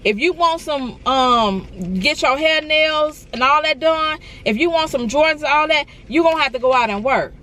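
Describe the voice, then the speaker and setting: A woman's voice: sits high, moderate pace, hardly any pauses, bright, forceful tone. Earnest, encouraging woman vlogger. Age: adult. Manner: earnest, encouraging, repeats phrases. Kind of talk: emotional storytime vlog.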